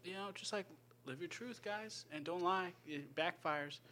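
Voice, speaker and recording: Brief: laid-back co-host, slacker jokes, mid-pitch, casual. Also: measured pace, sharp tone, slight background noise. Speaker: podcast co-host. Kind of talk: casual comedic chat.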